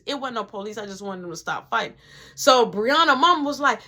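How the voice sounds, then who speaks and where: A woman's voice: a little high, lively intonation, fairly quick, bright, forceful tone. A woman telling a personal story in a casual, slangy way with swearing.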